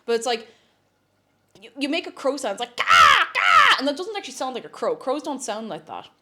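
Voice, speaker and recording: A woman's voice: high voice, very animated, quick pace, a bit bright. A woman chatting casually and giggling while cooking at home on a live stream. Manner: chatty and giggly, breaks into silly noises.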